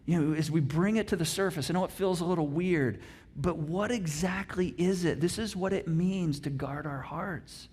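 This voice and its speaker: A man's voice: a little high, moderate pace, darkish tone, breathy edge. A middle-aged man preaching a conversational sermon, acting out example thoughts. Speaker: pastor.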